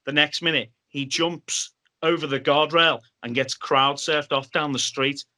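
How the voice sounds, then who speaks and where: A Liverpool man on a podcast tells casual anecdotes in a very bright voice that's a little high for a man. He's animated and acts out others' lines, speaking a little slowly with fairly even intonation.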